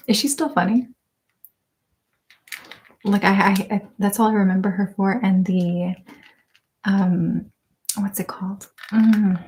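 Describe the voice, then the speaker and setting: A soft-spoken woman chats casually with her live-stream viewers, slipping in and out of whispers. Her voice has a mellow, darker tone. She talks at a slow, unhurried pace. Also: medium pitch, fairly even intonation, a little hiss or hum. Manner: soft-spoken, drifting into whispers, laughs often. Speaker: ASMR channel host.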